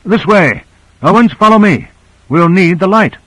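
A brisk crewman, voiced by a male narrator, calling out directions in a raised, commanding tone. It is a character voice in an audiobook. The sound is dry and close. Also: fairly high pitch, animated, no room sound, voice pushed up, low-quality recording.

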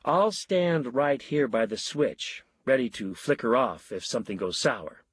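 Man playing a soft-spoken inventor, slow, husky, dry sound. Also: mid-range voice, lively intonation, no room sound. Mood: soothing. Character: calm reassuring inventor.

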